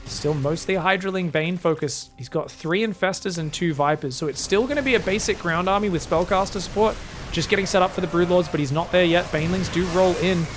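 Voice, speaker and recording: Man, esports commentary, high voice, excited outbursts, analytical. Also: a little fast, faint music behind. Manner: excitable, breaks into high yelps at big plays. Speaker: esports caster. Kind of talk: live game commentary.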